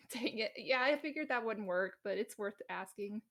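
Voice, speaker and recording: A woman's voice: medium pitch, normal speed, fairly bright tone. A woman playing a tabletop game, chatting casually with laughs and playful self-deprecation. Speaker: player.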